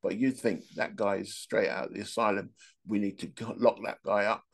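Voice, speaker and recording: A man's voice: on the low side, fairly even intonation, a little fast, vocal fry, slightly rough. A man hosting a podcast, telling rambling, joking anecdotes in a casual monologue. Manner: rambling, joking storyteller who laughs at his own anecdotes. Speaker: podcast host.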